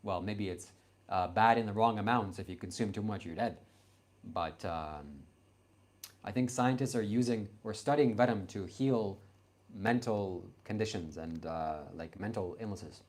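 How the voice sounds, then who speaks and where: A man's voice: on the low side, a little slow, a little mellow. A young man from Canada in his late teens, answering his livestream chat in a blunt, confrontational, self-assured way.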